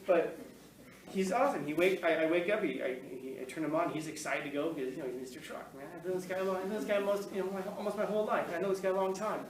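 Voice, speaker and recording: In front of an audience and on camera, a man tells stories in a meandering, chatty way, often laughing and starting over. His voice is high-pitched and rapid, captured far from the mic in an echoey room with faint ambient sound.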